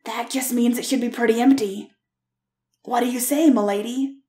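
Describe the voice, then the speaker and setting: A woman acting out an earnest young man, tender and pleading, in a fan-made storybook reading. The voice sits fairly high and mellow, with a roomy echo around it. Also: fairly even intonation, moderate pace, natural voice. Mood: playful.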